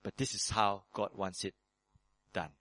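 A man preaching a sermon as pastor, acting out prayers in quick shifts of voice. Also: dry recording. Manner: lively preaching, acts out prayers in sudden higher voices.

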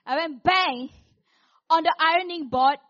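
A woman's voice: very high-pitched, a little slow. Dull-sounding woman preaching a testimony. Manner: animated storytelling, acting out quotes with big swings in volume. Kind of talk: sermon with personal testimony.

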